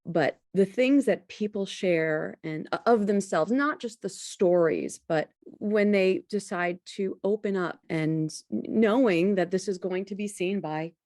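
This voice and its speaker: A woman hosting a podcast interview, introducing her guest and then reflecting in a measured, deliberate way. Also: mid-range voice, darkish tone, dry recording, studio quality. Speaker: podcast host.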